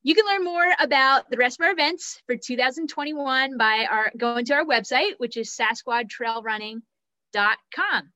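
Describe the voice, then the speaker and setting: A woman hosts a live stream and runs through updates in a chatty, enthusiastic way. Her voice is bright and slightly high. The sound is dry and close, with no room echo. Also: moderate pace. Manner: chatty, enthusiastic, laughs at names. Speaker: host and race director.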